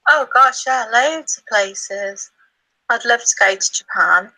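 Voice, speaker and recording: A woman's voice: a little high, expressive, slow pace, bright, forceful tone, poor audio. A woman in her thirties speaking as a guest on a casual podcast, chatty and giggly.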